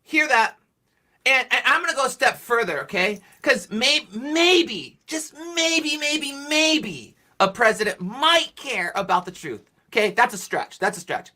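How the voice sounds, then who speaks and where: A woman hosting a live reaction stream, excitable and gushing, calling people dude. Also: sits high, measured pace.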